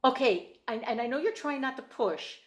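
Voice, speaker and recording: A woman's voice: high voice, lively intonation, moderate pace. A woman voice teacher giving a singing lesson over a video call, explaining in careful detail and repeating her points.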